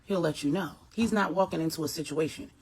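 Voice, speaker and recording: A woman's voice: sits low, fast, darkish tone, breathy edge. A woman reading the part of a stern man in a crime family who mentors others, speaking firmly and instructively. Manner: firm, instructive.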